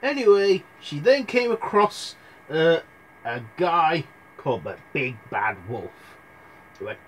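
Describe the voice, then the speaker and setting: A man's voice: a little high, lively intonation, slow, a little hiss or hum. A young man telling fairy tales in a rambling, irreverent comic retelling, full of asides. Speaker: storyteller.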